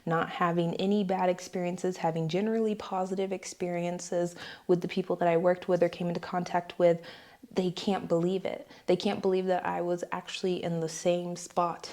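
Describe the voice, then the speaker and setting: Earnest young woman vlogging, low-ish voice. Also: little pitch movement, moderate pace, darkish tone. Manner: earnest, explanatory. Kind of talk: talking to camera.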